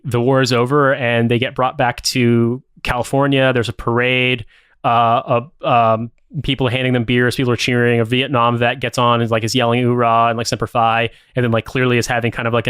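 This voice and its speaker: A man's voice: medium pitch, a bit bright, smooth, dry recording, clean studio sound. A man co-hosting a podcast, casually recapping a film plot in a rambling, profane way, with lots of "like" and "uh". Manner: rambling, profane, many fillers. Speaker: podcast co-host.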